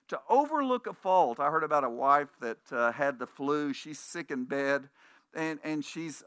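A man delivers a conversational sermon as a pastor, telling stories and voicing the people in them. His voice is bright and a little higher than most men's. It sounds dry and close, with no room echo. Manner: conversational preaching with anecdotes and restarts; puts on voices when quoting people in stories.

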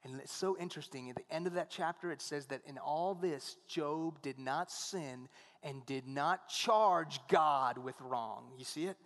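A man preaching a sermon, telling stories and acting out the dialogue in an animated way. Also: fairly high pitch, unhurried, long reverb tail. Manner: animated storytelling, acts out dialogue.

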